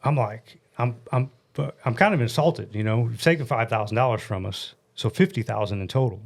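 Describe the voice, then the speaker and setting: A man in his forties from the United States, telling a story as a podcast guest in a blunt, animated way and swearing freely, into a studio mic. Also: medium pitch, brisk, gravelly. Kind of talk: casual storytelling chat. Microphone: studio mic on a stand.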